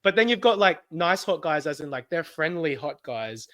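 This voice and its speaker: Bright-voiced Australian man, giggly chat. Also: fairly high pitch, moderate pace. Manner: giggly, animated storytelling with frequent laughs. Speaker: podcast co-host. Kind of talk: casual chat.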